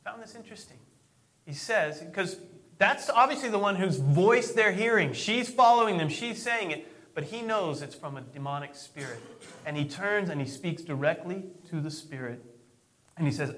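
A man's voice: sits high, animated, normal speed, fairly bright tone. A male pastor preaching a sermon in a conversational, storytelling way, often repeating words as he starts a thought.

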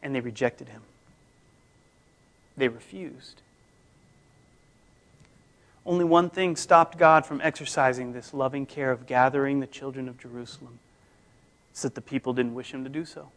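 A man preaching a conversational sermon, his voice swinging between loud emphasis and near-hushed tones. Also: mid-range voice, steady tone, measured pace, long pauses. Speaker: pastor.

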